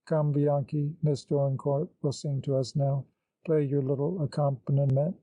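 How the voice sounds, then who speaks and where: A man's voice: a little high, little pitch movement, normal speed, dark tone, dry recording, natural voice, low-quality recording. A man voicing a sinister man who talks in a half-whining, sardonic, scornful way, in an audiobook. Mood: jaunty. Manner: scornful, half jaunty, half malignant.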